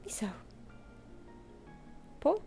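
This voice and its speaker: A woman's voice: very slow, mellow, faint music behind. A British woman chatting casually on a live stream at home, cooing at her cat and giving it commands between comments. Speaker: artist streamer. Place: home room.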